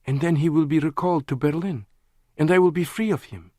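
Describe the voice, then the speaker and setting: A male audiobook narrator voicing a passionate, sarcastic young Russian woman, raising his voice high for her. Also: a little fast, dark tone, no room sound, clean studio sound, lightly acted. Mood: incredulous.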